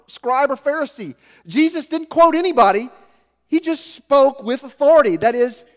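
High-voiced man preaching in a reverberant hall. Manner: animated preaching, swinging between loud emphasis and soft low asides. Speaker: pastor. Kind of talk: sermon.

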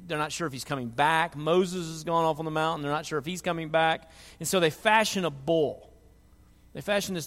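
A man's voice: fairly high pitch, fairly bright tone. Man preaching in a reverberant hall. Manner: earnest, repeats words as he restarts. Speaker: pastor. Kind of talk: sermon.

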